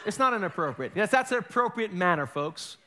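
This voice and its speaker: A male pastor preaching a sermon in an animated way, acting out voices with humor. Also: sits high, a little fast, slight background noise.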